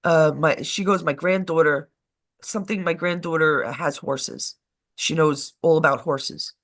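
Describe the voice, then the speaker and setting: A woman co-hosting a live show, telling a rambling, animated story in casual chat, with swearing along the way. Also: sits low, measured pace.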